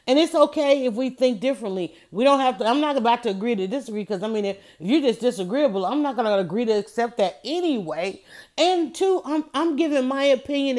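Woman commentator, emphatic, talks straight to listeners, mid-pitched voice. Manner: animated, emphatic, addresses listeners directly. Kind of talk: casual opinion monologue.

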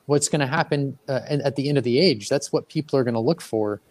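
A man's voice: medium pitch, quick pace, a little mellow. A man co-hosting a podcast, discussing scripture conversationally and leaning on words for emphasis. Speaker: podcast co-host. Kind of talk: casual faith discussion.

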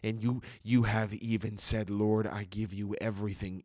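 A man preaching a quiet devotional sermon, speaking slowly and deliberately and often sinking into a whisper. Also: lowish voice, flat delivery, no room sound, clean studio sound.

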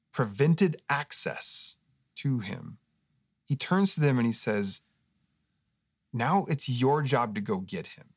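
A man's voice: medium pitch, gravelly, no room sound, clean studio sound. A man as a guest pastor in a podcast interview, telling a story earnestly and with animation. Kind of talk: casual interview talk.

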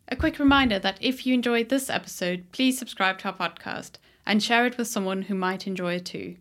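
A woman's voice: on the high side, fairly bright tone. A woman hosting a studio podcast, reading a scripted introduction and then interviewing a guest in an upbeat way. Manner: upbeat, laughs easily. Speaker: podcast host.

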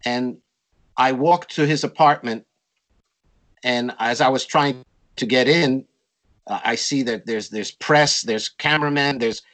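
An older man telling stories from his music career in an interview, animated and acting out quotes in a raised voice. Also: mid-range voice, unhurried, long pauses, low-quality recording. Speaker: interview guest, jazz musician. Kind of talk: storytelling in a conversation.

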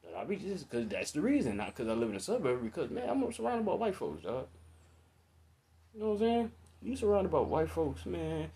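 A man's voice: on the high side, fairly quick. Profane, blunt man ranting. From United States. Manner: profane, animated, blunt and opinionated. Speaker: commentator. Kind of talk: casual monologue rant.

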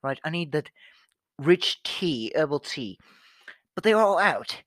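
A person putting on a British accent to play a man jailed over a tea shortage, telling it deadpan. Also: medium pitch, takes it slowly, dry recording, clean studio sound, voice pushed down. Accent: British, put on. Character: British man who punched a cashier, now in jail.

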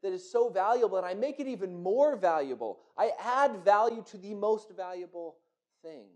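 A man's voice: sits high, expressive, moderate pace, darkish tone. A man voicing a proud, boastful goldsmith in a told story, with an insistent, bragging manner.

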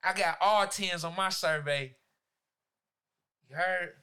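A man, a teacher, telling a profane, animated story in a casual podcast chat. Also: sits high, slow pace, smooth.

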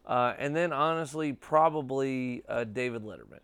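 Casual rambling man, smooth dry voice. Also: medium pitch, normal speed, fairly bright tone, dry recording. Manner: rambling, swears casually, lots of "dude" and "like". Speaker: podcast host. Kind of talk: casual chat.

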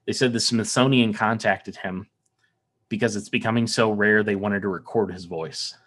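A man's voice: lowish voice, fairly even intonation, moderate pace, fairly bright tone. A man from the American South, without a Southern accent, talking earnestly in a casual podcast conversation, often restarting and repeating words. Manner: earnest, rambling, with frequent restarts and repetitions.

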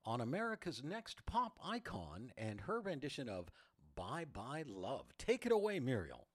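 A man's voice: medium pitch, wildly swooping pitch, measured pace, dry recording. A man hosting a singing contest from a studio, chatty and laughing at his own jokes. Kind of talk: playful show hosting.

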